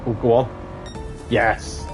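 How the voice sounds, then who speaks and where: A man's voice: mid-range voice, little pitch movement, slow, faint music behind. A man streaming a racing game, telling crude jokes and laughing often in casual chat. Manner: jokey, laughs often, says "mate". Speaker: gaming streamer.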